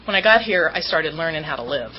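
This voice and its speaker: A woman's voice: low-pitched, animated, fast talker, lo-fi sound, slight background noise. Candid woman telling her recovery story. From Southern California. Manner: candid, self-mocking storytelling with acted-out quotes. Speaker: recovery meeting speaker.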